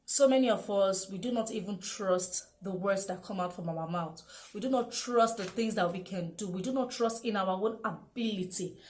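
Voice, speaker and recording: A woman's voice: mid-range voice, moderate pace, hardly any pauses, a little mellow, slight background noise. A young woman giving a motivational self-help talk, repeating key phrases and asking rhetorical questions. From Nigeria.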